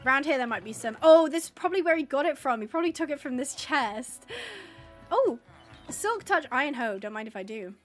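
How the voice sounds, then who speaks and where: A woman streaming live gameplay, chatting to the viewers and the game animals and getting excited. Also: high-pitched, fairly quick, faint music behind. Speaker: gaming streamer.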